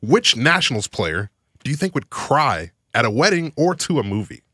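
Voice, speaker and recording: A man's voice: mid-range voice, big pitch swings, normal speed, sharp tone, husky, no echo, studio quality. A man, the show's producer, chatting in an easygoing, upbeat way. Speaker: podcast producer. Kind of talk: casual podcast chat.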